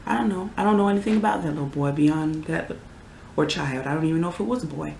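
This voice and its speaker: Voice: mid-range voice, quick pace, gravelly, a little mellow, slight background noise. A vlogger in their twenties delivering a heated, exasperated rant with sudden outbursts in a casual vlog. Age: 20s. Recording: roomy echo.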